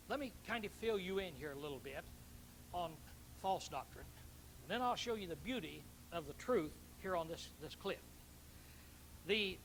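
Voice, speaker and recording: A man's voice: high-pitched, sharp tone, slight background noise, low-quality recording. A man preaching a Bible teaching sermon, emphatic, repeating key words and questioning his listeners.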